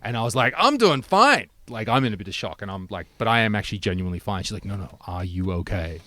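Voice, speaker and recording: Animated man telling a story. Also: low voice, racing, no room sound. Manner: animated storyteller, swears freely, acts out quotes. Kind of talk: casual chat.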